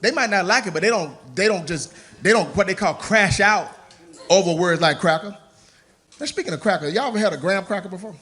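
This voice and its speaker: A male stand-up comedian performing a set with an animated, punchy delivery. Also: sits high, a little fast.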